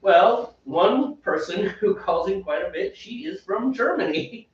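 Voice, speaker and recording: A man co-hosting a casual homebrewing podcast, an animated storyteller who laughs and mimics voices. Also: high-pitched, unhurried. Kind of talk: casual banter. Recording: echoey room, distant mic, dull lo-fi sound.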